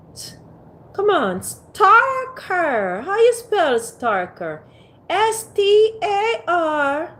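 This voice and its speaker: A woman's voice: extremely high pitch, huge pitch swings, very slow, fairly bright tone. A woman hosting a casual livestream from a phone on a ring light, playfully teasing and coaxing her viewers to type in the chat. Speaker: livestream host.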